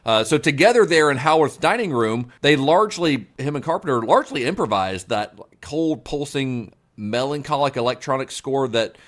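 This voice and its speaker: A man co-hosting a film podcast, telling film history in a relaxed, chatty way with fillers. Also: mid-range voice, moderate pace, few pauses. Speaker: podcast co-host. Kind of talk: casual film history chat.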